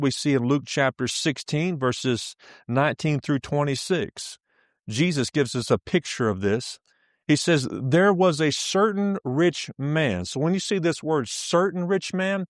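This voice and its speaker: A man preaching a sermon, who often repeats himself, checks in with his listeners and slows down for emphasis. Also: medium pitch, no echo, clean studio sound. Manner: repetitive, checks in with "all right?".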